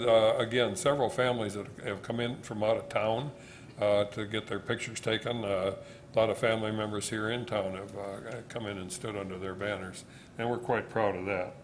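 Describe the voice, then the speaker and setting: A man's voice: fairly low pitch, slight background noise. A man giving a plain, hesitant presentation at a city council meeting.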